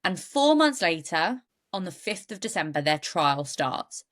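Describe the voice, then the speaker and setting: A woman's voice: on the low side, very animated, unhurried, fairly bright tone. A woman, co-hosting a podcast and casually retelling a true-crime case with jokey asides. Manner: chatty, goes off on jokey asides. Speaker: podcast co-host.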